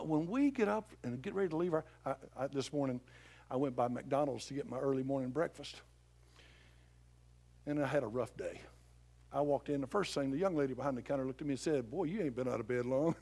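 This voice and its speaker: A middle-aged male pastor preaching a sermon with passion, swinging from loud appeals to hushed pleading. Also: a little high.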